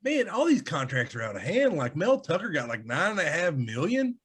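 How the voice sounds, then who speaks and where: Lively man chatting casually. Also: on the high side, brisk, slightly rough. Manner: rambling, animated, laughs often. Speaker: podcast co-host. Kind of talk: casual chat.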